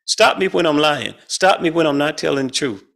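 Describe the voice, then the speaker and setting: Host: middle-aged man, gravelly and slightly high voice, folksy and chatty, chuckles a lot, on a video call. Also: lively intonation, brisk, a bit bright. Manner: folksy, colloquial, chuckles often. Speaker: spiritual study group leader. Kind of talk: casual spiritual talk.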